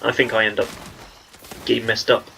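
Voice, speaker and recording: A man's voice: lowish voice, flat delivery, normal speed, gravelly, sharp tone, a little hiss or hum, poor audio. A young man with an English accent, talking in a rambling, chatty way as he commentates on his gameplay. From England. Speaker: gaming channel host.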